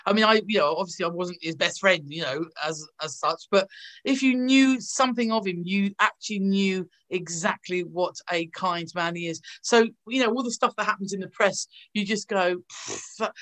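With a mid-range voice at normal speed, an actress from England tells animated anecdotes over a video call as a guest, bringing the people in them to life by acting out their voices.

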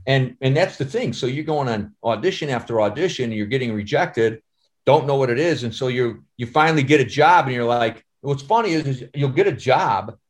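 A man's voice: mid-range voice, lively intonation, fairly quick. A man, an actor and guest on a casual podcast, rambling through stories with lots of "you know".

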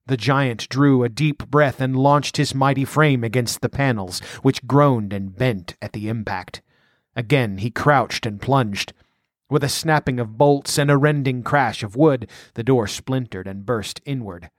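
A man narrating an adventure story aloud in a measured, dramatic reading. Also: mid-range voice, no room sound, studio quality. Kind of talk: audiobook narration.

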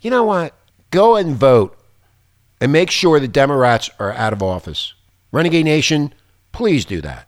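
A man's voice: medium pitch, big pitch swings, normal speed, dry recording, studio quality. A man hosting a talk radio show, ranting angrily and swearing often. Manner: angry, profane, insulting.

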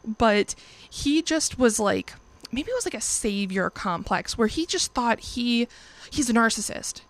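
A young woman in her twenties, hosting a podcast or vlog, casually tells a personal story in a chatty, profane way, acting out quoted lines in livelier voices. Her voice is on the high side with lively intonation, and her pace is a little slow.

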